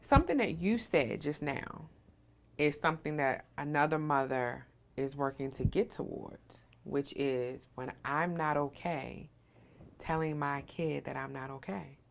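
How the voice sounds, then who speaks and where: A middle-aged woman interviewing a guest in a low, gravelly voice. She is affirming and emphatic, and she often checks in with a quick "right?". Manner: affirming, emphatic, frequent "right?" tag questions. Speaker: interviewer and host. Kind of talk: supportive conversational interview.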